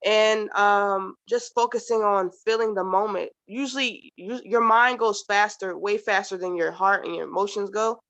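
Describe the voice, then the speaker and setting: A woman in a casual group chat, speaking thoughtfully and hesitantly, with many pauses. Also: mid-range voice, steady tone, a bit bright, dry recording, dull audio. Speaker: participant.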